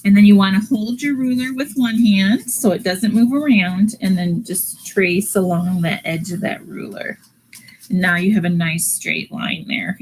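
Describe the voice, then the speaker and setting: A woman's voice: medium pitch, a little mellow, a little hiss or hum, poor audio. A woman art teacher giving a live online drawing lesson, talking through each step patiently with frequent fillers.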